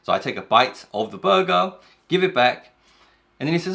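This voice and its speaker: A man teaching Korean grammar in English, explaining patiently and reading example phrases quickly. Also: fairly high pitch, sing-song, vocal fry, pushed and bright.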